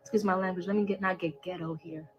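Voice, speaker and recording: A woman's voice: lowish voice, steady tone, fast, dull audio. A woman in a played social media clip, ranting in a boastful, profane and emotional way and affirming herself. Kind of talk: social media live rant.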